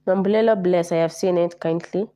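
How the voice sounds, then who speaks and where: A Kenyan woman hosting a casual livestream, hoarse from a flu, greeting viewers by name and repeating herself often. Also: on the low side, steady tone, brisk, dark tone. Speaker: livestream host.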